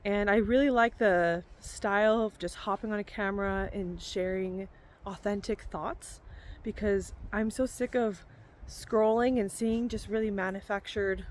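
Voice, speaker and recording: A woman vlogger chatting casually and unscripted to camera outdoors in a forest, rambling and correcting herself as she goes. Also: mid-range voice.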